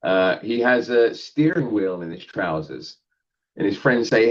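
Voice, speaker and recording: A man's voice: on the low side, expressive, unhurried, highs cut off. A male comedian talking casually in a podcast interview, rambling and self-deprecating, laughing often. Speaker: guest comedian.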